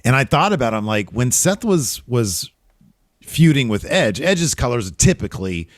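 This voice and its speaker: A man's voice: mid-range voice, very animated, moderate pace, no room sound, clean studio sound. A man co-hosting a podcast, giving an opinionated casual recap of a wrestling show, often trailing off and restarting.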